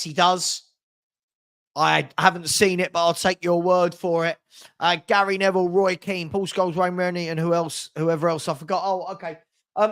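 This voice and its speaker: A man's voice: fairly high pitch, a bit bright. A man hosting a casual live football stream, reading out viewer comments in a rambling, chatty way with frequent restarts.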